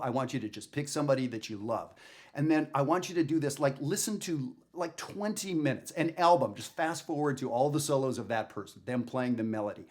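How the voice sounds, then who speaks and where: A man's voice: mid-range voice, a little mellow. Chatty man teaching jazz. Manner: thinking aloud, rhetorical questions, chatty and self-deprecating. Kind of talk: casual video lesson.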